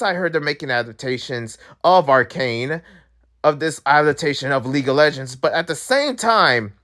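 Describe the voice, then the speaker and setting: A young man who makes gaming videos, talking straight to his viewers in a casual, excitable rant. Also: high voice. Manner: animated, excitable, talks to viewers directly. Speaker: gaming YouTuber.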